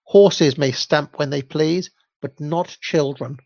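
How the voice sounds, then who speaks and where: A man reading aloud, voicing a stern old magic woman with a hoarse voice and a slow, measured way of speaking. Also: a little high, a little mellow, dry recording. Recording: dull lo-fi dry recording.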